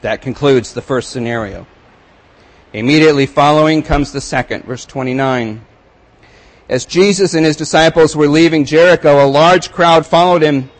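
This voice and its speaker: A man's voice: fairly high pitch, poor audio. Man preaching, reading scripture with emphasis. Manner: reads scripture aloud with rising emphasis, then comments quietly. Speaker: pastor. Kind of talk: sermon.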